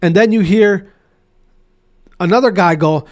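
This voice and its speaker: A man's voice: a little high, expressive, measured pace. A man hosting his own podcast, ranting in a loose, repetitive way with many restarts. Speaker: podcast host. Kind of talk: solo podcast rant.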